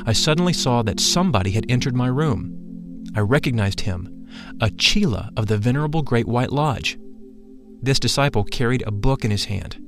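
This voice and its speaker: A man narrating a first-person spoken story in a solemn, measured way. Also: mid-range voice.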